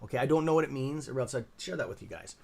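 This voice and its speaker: A tired-sounding man with a Canadian accent hosts a live stock-trading stream, his medium-pitched voice expressive, rapid-fire, creaky and a bit rough. He rambles with plenty of fillers in casual commentary, reading out names from the chat.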